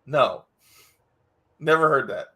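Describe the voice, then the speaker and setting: Male, playful ribbing, very expressive pitch. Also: slow pace. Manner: teasing, laughs easily. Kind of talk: casual chat.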